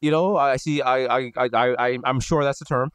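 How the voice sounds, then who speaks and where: A man's voice: medium pitch, fairly even intonation, a little fast, clean tone, dry recording, studio quality. Joking New York man, co-hosting from home. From the Bronx, New York. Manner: joking, riffing, slangy. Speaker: podcast co-host. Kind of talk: casual comedic chat.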